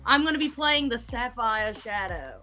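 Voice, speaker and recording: A woman with a high, playful voice who giggles through her introduction. Clear music plays behind her. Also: big pitch swings, normal speed, bright, forceful tone. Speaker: guest player. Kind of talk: casual livestream introduction.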